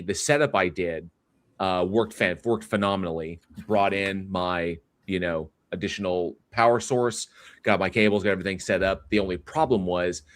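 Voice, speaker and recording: A man with a deep, low voice hosts a livestream and chats casually with his viewers. He rambles, trips over his words and restarts sentences, and drops in plenty of fillers. The recording is dry, with no room sound around him. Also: no room sound. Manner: rambling, reads chat aloud, many fillers and restarts. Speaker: livestream host.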